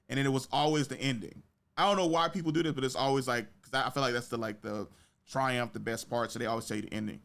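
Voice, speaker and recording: Young male podcast host, casual and slangy, rambling anecdotes, mid-pitched voice. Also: rapid-fire, creaky. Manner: animated storytelling with big pitch jumps in quoted reactions; slangy, profane speech. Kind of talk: casual chat.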